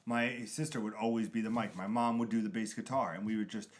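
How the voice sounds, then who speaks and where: A man's voice: lowish voice, steady tone, fast. A man co-hosting a casual gaming chat, rambling through examples and acting out little quotes as he explains. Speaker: podcast co-host.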